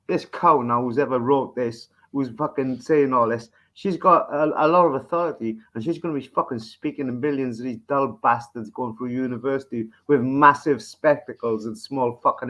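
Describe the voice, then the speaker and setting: A man's voice: medium pitch, normal speed, few pauses, fairly bright tone. A man hosting a podcast, ranting in a crude, profane, rambling comic manner. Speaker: podcast host. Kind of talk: crude comedic rant.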